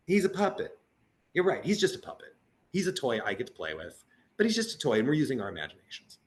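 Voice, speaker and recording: A man who works as a puppeteer and teaching artist, talking earnestly in a casual video-call conversation and acting out voices as he tells stories. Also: lowish voice. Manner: earnest and animated, acts out quoted voices.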